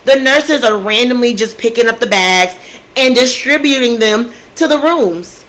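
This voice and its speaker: A woman's voice: a little high, lively intonation, normal speed, fairly bright tone, rough recording. A woman telling a true crime story casually into a desk microphone, getting emotional and outraged and talking straight to her listeners.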